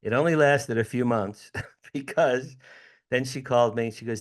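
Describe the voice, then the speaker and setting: A man in his sixties from the United States, an interview guest telling a personal story with lively acted-out dialogue and frequent laughs. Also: mid-range voice, normal speed. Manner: animated storyteller, acts out dialogue, laughs often.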